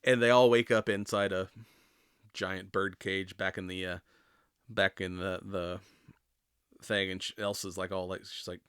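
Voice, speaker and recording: Guy hosting a podcast solo, kinda low voice, rambly and filler-heavy, swears a bit, dry close sound. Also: little pitch movement, unhurried, pauses often, fairly bright tone, clean tone, no room sound. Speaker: podcast host. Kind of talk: casual solo movie recap.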